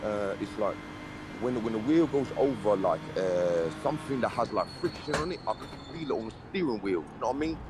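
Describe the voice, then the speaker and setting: A man chatting over an online voice call, his voice sitting fairly low and a clear hiss of noise behind him. He rambles in slangy banter, peppering every line with "mate" and "brother", and puts on a British-style accent. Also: expressive, brisk. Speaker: guest in voice chat. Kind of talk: casual banter. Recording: voice chat with clear background noise.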